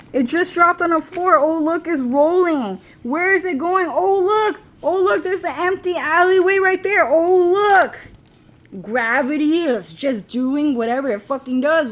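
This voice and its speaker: A woman's voice: mid-range voice, slight background noise. A young woman vlogging in a loose, rambling monologue, swearing a lot and filling her talk with "like" and "dude".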